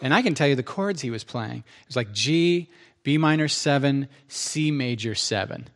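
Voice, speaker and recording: A middle-aged man preaching, telling his testimony in an animated, self-interrupting way and acting out quotes. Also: medium pitch, moderate pace. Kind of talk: testimony storytelling.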